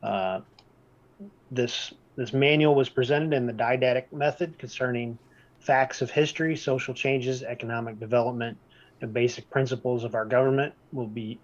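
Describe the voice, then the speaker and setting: A man presenting a document overview in a measured way, repeating his key points for emphasis. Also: medium pitch, muffled recording. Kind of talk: reading-based presentation.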